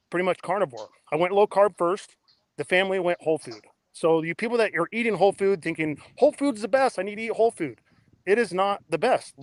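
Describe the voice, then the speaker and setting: Man, 30s, podcast guest, blunt excitable storytelling, fairly high voice, dry close sound. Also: dry recording. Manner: blunt, excitable, swears freely. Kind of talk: casual interview storytelling.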